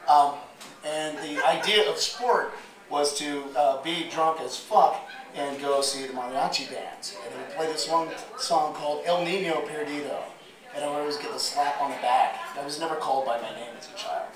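A man with a slightly hoarse voice telling a rambling, profane story live on stage. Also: fairly high pitch, moderate pace. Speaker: spoken word performer. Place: bar or club stage. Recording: roomy live recording from far off. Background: crowd murmur.

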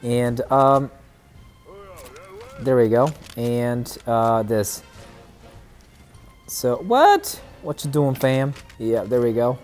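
Speaking slowly in a fairly even, slightly mellow medium-pitched voice, a man comments casually on his shooter game stream. He chats with viewers and trash talks opponents in a playful way while faint music runs behind him.

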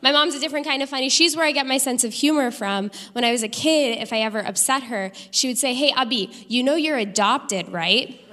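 A young adult woman doing a stand-up comedy set on a theater stage, landing punchlines deadpan in an animated delivery. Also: sits high, fast, hardly any pauses, big-room sound. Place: theater stage with live audience.

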